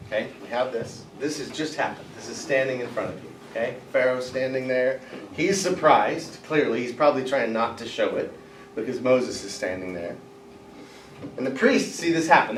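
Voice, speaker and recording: A man gives a sermon in a church, telling the story with animated voices for its characters. His voice sits a bit high and sounds a little distant from the mic. The hall adds a roomy echo over a faint hiss. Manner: animated, acts out characters with voices, laughs at jokes. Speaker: preacher. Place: church sanctuary.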